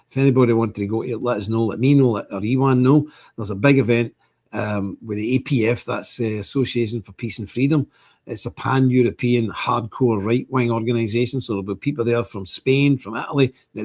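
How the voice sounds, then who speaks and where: A man in his sixties with a Northern Irish accent hosts a livestream, rambling through a monologue and restating phrases over and over. His voice is medium-pitched and slightly rough.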